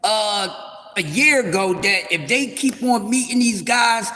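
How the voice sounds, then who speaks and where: A man hosting a casual sports talk livestream, rambling loudly with playful trash talk and shout-outs to his viewers. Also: high-pitched, measured pace, big-room sound. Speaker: livestream host.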